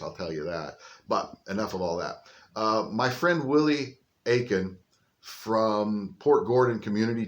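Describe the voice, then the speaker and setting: Folksy older man preaching outdoors. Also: lowish voice. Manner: folksy, chatty storytelling. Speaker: pastor. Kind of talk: informal livestreamed sermon. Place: outdoors on a windy day. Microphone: phone on a selfie stick.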